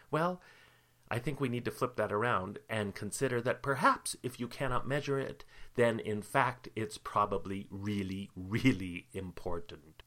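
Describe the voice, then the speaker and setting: A man's voice: lowish voice, normal speed, a bit bright. A man hosting his own solo podcast, talking through workplace tips in an upbeat, lightly joking way. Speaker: podcast host.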